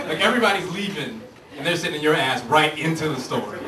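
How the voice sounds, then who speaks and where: A man's voice: on the high side, animated, quick pace, heavy background noise. A male stand-up comedian on a club stage, ranting in a brash, profane way. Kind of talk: stand-up routine. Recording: roomy, distant club recording, loud audience laughter.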